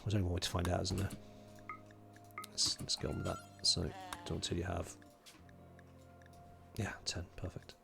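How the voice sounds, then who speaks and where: A man's voice: deep voice, completely flat delivery, a little fast, creaky, music in the background. A man from London, streaming a game, chatting casually, muttering to himself while he plays and greeting viewers in chat. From England (London). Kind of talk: casual livestream commentary.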